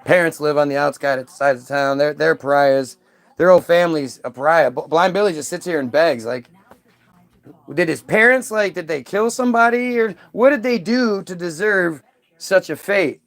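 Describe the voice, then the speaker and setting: A man's voice: on the high side, moderate pace, a bit bright. A man voicing a hesitant, nervous male onlooker who talks cautiously.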